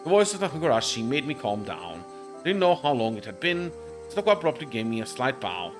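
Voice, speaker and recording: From his home streaming setup, a man reads a visual novel aloud live with emotion and intensity, now and then stumbling over words. His medium-pitched voice swings widely in pitch and moves briskly, with music playing in the background.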